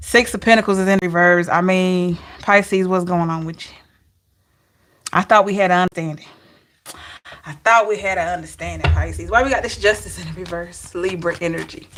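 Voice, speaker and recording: A woman's voice: lowish voice, fairly bright tone. Middle-aged woman, light Southern drawl, tarot streamer, loose and chatty. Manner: chatty, laughing, talking to live chat. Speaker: tarot reader. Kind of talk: live-stream tarot reading.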